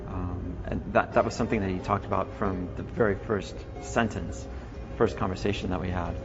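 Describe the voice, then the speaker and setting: A man with a lowish voice speaks earnestly and with emphasis as a car designer in an interview. The sound is dull, with music clearly in the background. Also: steady tone, normal speed. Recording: dull audio over music.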